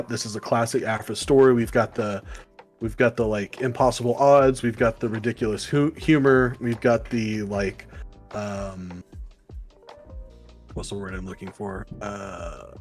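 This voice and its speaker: A man's voice: medium pitch, unhurried, faint music behind. Rambling man reviewing comics. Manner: rambling, many fillers, acts out quoted lines. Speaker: podcast co-host. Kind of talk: casual comic book review chat.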